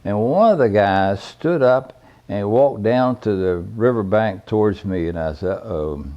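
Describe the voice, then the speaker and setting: A man's voice: fairly low pitch, expressive, measured pace, dull audio. An older man telling personal stories in a folksy, plainspoken, rambling way. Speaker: veteran caver recounting his history. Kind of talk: personal storytelling.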